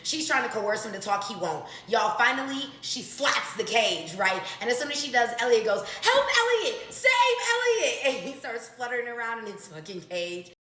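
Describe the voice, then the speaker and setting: A woman telling a funny story to her viewers in a casual, animated way. She swears freely and talks straight to the audience. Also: on the high side, moderate pace, few pauses. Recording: echoey room.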